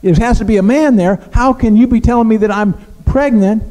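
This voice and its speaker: A startled young Mary, pitched well above the speaker's usual voice and pressing question after question. A male preacher puts her on in the middle of a sermon. A long church reverb hangs behind every word. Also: fairly quick, dark tone, natural voice. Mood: alarmed. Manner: urgent, questioning. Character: frightened teenage girl Mary, bewildered.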